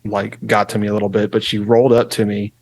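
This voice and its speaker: A young man co-hosting a podcast chats casually about his daughter, rambling relaxedly with lots of fillers. His voice is lowish and he talks fast, captured in a dry recording.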